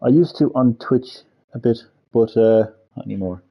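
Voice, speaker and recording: A man's voice: mid-range voice, normal speed, slightly rough. A man giving casual, rambling let's-play commentary, blunt and thinking aloud. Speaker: gaming video host. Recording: lo-fi with game music behind.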